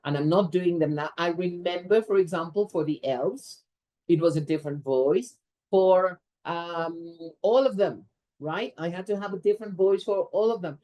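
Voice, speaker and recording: A woman giving a lively workshop talk to teachers as a teacher trainer, animated and expressive, often checking in with a quick "right?". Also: lowish voice.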